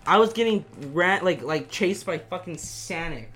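A young man co-hosting a casual chat, excitable, swearing often and laughing a lot. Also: high voice, normal speed, crowd noise.

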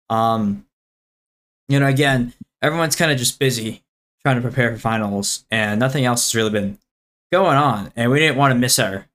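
A teenage boy hosts a podcast in relaxed casual chat. His voice sits in a middle pitch, and he talks in an easygoing way, often breaking into laughs. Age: teens. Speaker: podcast host.

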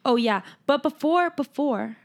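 Animated woman gushing over a movie. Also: high voice, measured pace. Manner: animated retelling, swearing, playful quoted voices. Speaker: podcast co-host. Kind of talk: casual movie review chat.

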